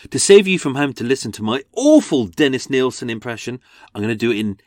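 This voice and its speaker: A man's voice: mid-range voice, fast, no echo, clean studio sound. An English man hosting a true-crime podcast in a chatty, wry way. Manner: chatty, animated, wry asides. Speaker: podcast host.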